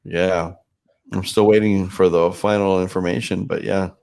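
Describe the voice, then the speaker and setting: A man's voice: deep voice, steady tone, moderate pace, creaky, darkish tone. Stuffed-up, swearing man in casual chat. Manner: profane, joking, teasing. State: stuffed-up nose. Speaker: podcast host and DJ.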